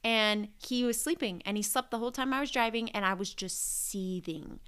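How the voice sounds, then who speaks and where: A young woman co-hosting a podcast, telling a story in casual chat and acting out quoted lines with big jumps in pitch. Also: normal speed, a bit bright, clean tone. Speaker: podcast co-host.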